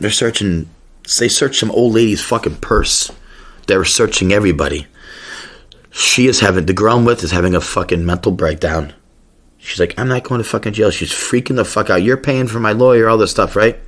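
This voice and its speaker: A man's voice: deep voice, a bit bright. A man hosting a podcast, telling a rambling, profane story in a casual rant. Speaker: podcast host.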